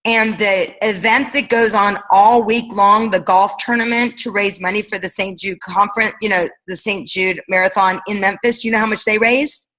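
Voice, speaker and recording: A woman's voice: medium pitch, fairly even intonation, normal speed, few pauses, a bit bright, poor audio. A woman coaching her team on a leadership call, talking casually and energetically, firing off rhetorical questions. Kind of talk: motivational coaching talk.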